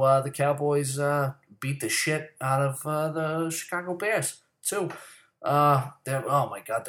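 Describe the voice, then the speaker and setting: A man's voice: mid-range voice, reverberant. A man giving a heated, profane, rambling monologue about sports. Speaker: sports commentary host. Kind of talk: profane casual sports rant.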